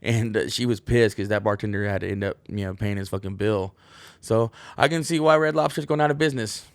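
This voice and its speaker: A man's voice: on the low side, fairly quick, no room sound. A man hosting a casual show, telling rambling profane stories full of fillers and restarts. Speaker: podcast host. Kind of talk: casual storytelling monologue.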